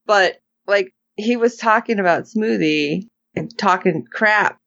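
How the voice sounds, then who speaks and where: A woman co-hosting a casual recap chat, animated and acting out characters' lines in put-on voices. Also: medium pitch, slow pace, gravelly, no room sound, lo-fi sound. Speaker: podcast co-host.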